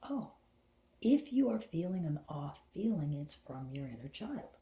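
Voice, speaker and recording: A middle-aged woman hosting a spiritual talk, telling a personal story in an animated way and dropping into hushed whispers for her inner thoughts. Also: sits low, moderate pace, slight background noise. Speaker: host and spiritual channeler. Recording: roomy echo.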